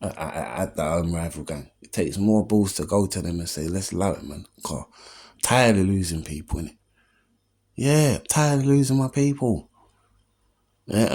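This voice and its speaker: A man's voice: lowish voice, a little mellow. A man, hosting his own opinion show as a comedian and giving an earnest, streetwise motivational monologue. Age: 40s. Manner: streetwise, earnest, keeps asking "you know what I mean?".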